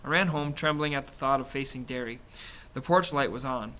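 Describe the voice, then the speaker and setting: A man's voice: medium pitch, a little fast, sharp tone. A man reading a novel aloud in a plain storytelling way, with small slips and restarts. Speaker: reader.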